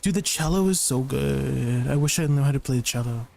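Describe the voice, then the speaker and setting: A male streamer chatting casually over his game, playful and quick to laugh. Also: mid-range voice, vocal fry, a little hiss or hum. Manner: playful, giggly, excitable chatter.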